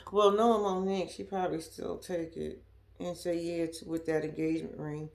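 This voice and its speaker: A woman's voice: medium pitch, darkish tone. A woman giving a blunt, profane, sassy recap of a reality show in casual chat, laughing often. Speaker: reaction commentator.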